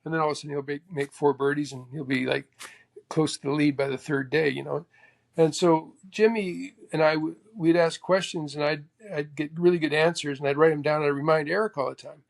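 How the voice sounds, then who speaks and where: A man from Canada, a former tour golfer, telling stories as a guest in a lively, casual way, acting out quotes with sudden exclamations. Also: fairly high pitch, brisk, vocal fry. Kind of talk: casual storytelling.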